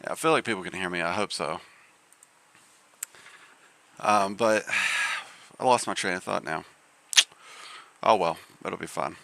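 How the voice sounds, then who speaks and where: A man's voice: low voice, measured pace, gravelly, pauses often, fairly bright tone. A man hosting a live game stream, chatting casually in a rambling way with lots of fillers and restarts.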